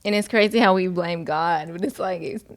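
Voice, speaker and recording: A woman co-hosting a casual, faith-based podcast, speaking softly and thoughtfully with hesitant pauses. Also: lowish voice. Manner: soft-spoken, thoughtful, hesitant. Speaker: podcast co-host.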